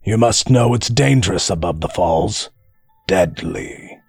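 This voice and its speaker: A man doing a gruff, authoritative magistrate. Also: low voice, animated, measured pace, a little mellow, no echo, clean studio sound, faint music behind, full character voice. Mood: stern.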